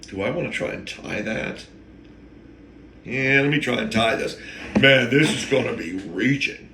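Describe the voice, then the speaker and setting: A man's voice: medium pitch, lively intonation, unhurried, background noise. A man hosting a rambling, emotional spiritual monologue, often wandering off topic and catching himself. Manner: digressive, emotional, self-interrupting. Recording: echoey room.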